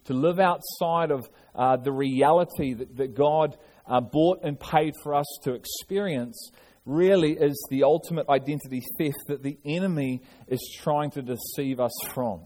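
Earnest preacher, fairly high voice. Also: male voice, normal speed, mellow. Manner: earnest preaching with frequent restarts and repetitions. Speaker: pastor. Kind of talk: sermon.

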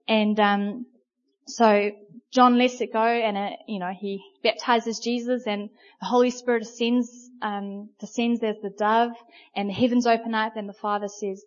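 A woman delivers a sermon as a lively, chatty storyteller, pausing often on little fillers. Her voice sits fairly high. The recording is muffled and lo-fi. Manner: conversational, animated storytelling with many fillers. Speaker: preacher.

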